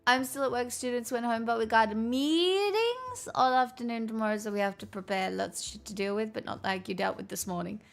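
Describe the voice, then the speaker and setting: A woman live streamer chats casually with her viewers in a put-on transatlantic accent, her voice a little high with vocal fry. Her delivery is theatrical and drawn out, and she swears plenty.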